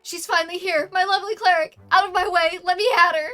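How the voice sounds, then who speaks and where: A woman voicing an eager, girl-crazy young male soldier who is pushy and excited. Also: very high voice, fast talker, faint music behind, pitched above the performer's own voice.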